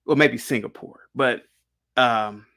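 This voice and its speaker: A man with a bright, forceful voice argues his points on a casual discussion panel. He rambles, circles back, and stumbles over repeated words as he pushes his view. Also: mid-range voice, takes it slowly, creaky. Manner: emphatic, rambling, many restarts and repeated words. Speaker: panel guest.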